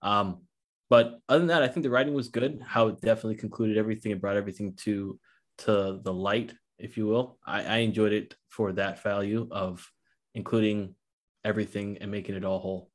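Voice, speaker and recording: A man giving earnest, measured opinions in a casual film chat. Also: fairly low pitch, steady tone.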